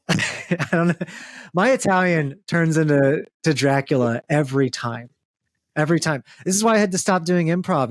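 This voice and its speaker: A man from the American South trading jokes in a loose, chatty podcast conversation. He pokes fun at himself and laughs easily, his voice sitting a touch high for a man. The sound is dry and close, with no room echo. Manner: joking, self-deprecating, laughs often. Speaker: podcast co-host. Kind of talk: casual comedic chat.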